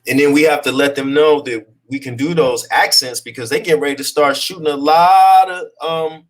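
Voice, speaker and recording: A man with a higher-pitched voice and fairly even intonation speaks at a moderate pace. He's an actor being interviewed, chatting casually in a laid-back way and often checking in with his listener, peppering his talk with "you know what I'm saying."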